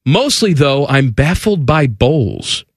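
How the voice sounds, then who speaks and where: A male sports radio host, talking in a lively voice that leaps up and down. He is sarcastic and incredulous in his banter, set close and dry on the studio mic. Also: on the high side, takes it slowly, dry recording.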